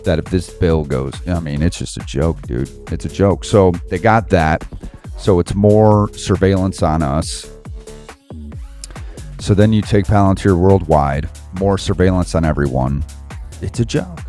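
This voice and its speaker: Deep-voiced man ranting heatedly. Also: measured pace, dark tone, faint music behind. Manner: heated, rambling, slangy, laughs to himself. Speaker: Bible study host. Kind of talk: casual ranting commentary.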